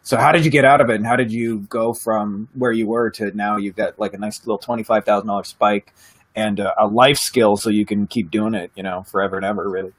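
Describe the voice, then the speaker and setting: A man's voice: on the low side, steady tone, a little fast, no echo. A man hosting a casual business interview, chatty and joking, coaching the guest along.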